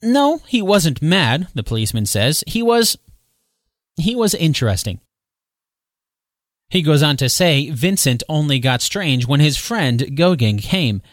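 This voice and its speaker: A man hosting a solo podcast, retelling history in a conversational way with quick asides and self-corrections. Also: on the high side, sing-song, no echo, clean studio sound. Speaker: podcast host. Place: home recording space.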